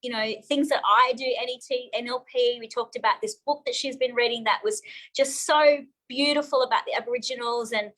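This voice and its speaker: A woman's voice: on the high side, fairly even intonation, a little fast, fairly bright tone, poor audio. A woman, a therapist telling her personal story openly and emotionally as a guest in a live interview. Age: 40s.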